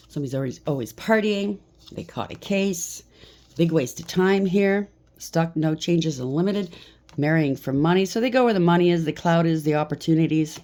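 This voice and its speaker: Woman tarot reader, low mellow voice, blunt and chatty, faint noise behind. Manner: blunt, chatty, swears freely. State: slightly out of breath. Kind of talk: solo tarot reading.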